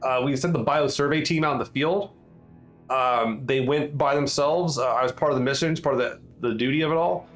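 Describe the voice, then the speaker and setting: Halting man narrating as game master. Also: mid-range voice, soft background music, low-quality recording. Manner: halting, full of ums and restarts.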